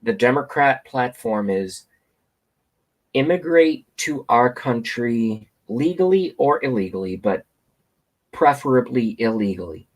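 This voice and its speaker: Man, slow-paced, husky voice, crude repetitive political rant. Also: medium pitch, animated. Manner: profane, repetitive, rambling rant. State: hiccups. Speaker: political commentator. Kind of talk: ranting political monologue. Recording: outdoors, passing train nearby.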